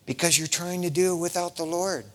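A man's voice: high-pitched, a little fast. A middle-aged man preaching a sermon in a casual, conversational way, often tossing in "man" as he talks. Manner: animated, conversational, peppers lines with "man". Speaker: pastor. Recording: long reverb of a large hall.

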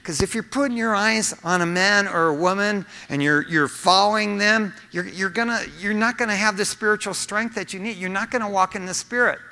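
A middle-aged man preaches with a bright, forceful voice pitched a little high. He talks to the congregation earnestly and conversationally, dropping in personal asides. His words ring out with a long reverb, as in a church sanctuary. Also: fairly quick, hardly any pauses. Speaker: pastor. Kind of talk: sermon.

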